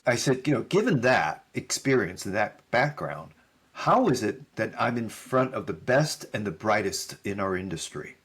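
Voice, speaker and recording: A man's voice: medium pitch, breathy edge. A middle-aged man, a podcast guest, telling stories in casual conversation and acting out the dialogue he quotes. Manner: animated storyteller who acts out quoted dialogue; casual, with frequent fillers and "right?" tags. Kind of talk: conversational storytelling.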